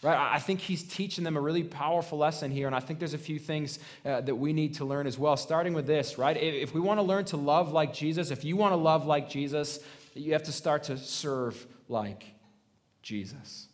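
A man's voice: on the high side, moderate pace. A man preaching a sermon in a conversational way. He often asks "right?" and restarts his words, rising to stress a point. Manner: conversational preaching, frequent "right?" tag questions; restarts and stammered repeats, emphatic rises. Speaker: pastor.

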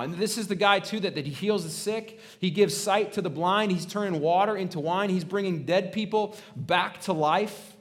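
A man's voice: sits high, animated, moderate pace. A man preaching a sermon in a conversational way. He often asks "right?" and restarts his words, rising to stress a point. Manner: conversational preaching, frequent "right?" tag questions; restarts and stammered repeats, emphatic rises. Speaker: pastor.

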